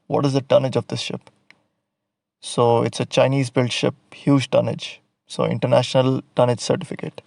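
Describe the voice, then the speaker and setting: A man's voice: medium pitch, vocal fry, a little mellow, no room sound. A man teaching an exam prep lesson, explaining step by step and telling a story to help students memorize a list.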